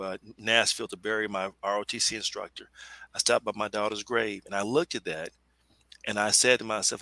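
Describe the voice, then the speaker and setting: A middle-aged man speaking on a webinar panel in an earnest, halting, emotional way. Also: fairly low pitch, pushed and bright, dry recording, low-quality recording. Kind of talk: personal testimony in a webinar.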